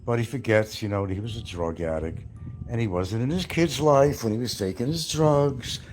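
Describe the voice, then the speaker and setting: A man's voice: mid-range voice, moderate pace, a little mellow. A brash man rants on his livestream, trash-talking and daring his rivals in a mid-range voice. Faint music plays behind him as he rambles on. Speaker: livestream host.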